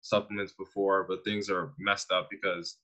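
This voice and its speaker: Low-voiced man in his twenties from Canada, animated, slangy interview guest. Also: normal speed, rough recording. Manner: slangy, animated storyteller who laughs often. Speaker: guest, online fitness coach. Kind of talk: casual conversational interview.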